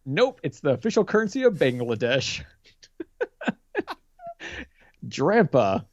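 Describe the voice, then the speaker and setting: A man's voice: on the high side, huge pitch swings, slow pace, no echo, muffled recording. A man co-hosting a casual podcast, running a quiz with a teasing, amused manner. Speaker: podcast co-host, quiz master. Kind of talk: casual chat.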